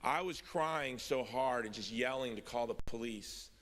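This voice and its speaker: A man's voice: mid-range voice, a little slow, fairly bright tone. Middle-aged man telling a story in a hall. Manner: storytelling, wry then earnest. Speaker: convention speaker. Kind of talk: personal testimony speech. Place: large hall. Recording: long hall reverb.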